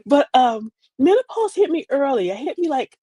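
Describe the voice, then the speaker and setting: Woman in her 40s, aave, chatty livestream host, pitch all over the place, dry close sound. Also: normal speed, no echo. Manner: animated, talks to viewers, acts out quoted voices. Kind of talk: casual livestream monologue.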